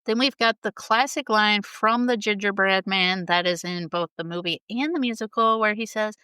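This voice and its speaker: A woman's voice: mid-range voice, normal speed, hardly any pauses, pushed and bright, clear, resonant tone, no room sound. A woman hosting a casual, enthusiastic talk show, chatting with frequent laughter. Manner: enthusiastic and giggly, reciting quotes. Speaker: host. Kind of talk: casual talk about a musical.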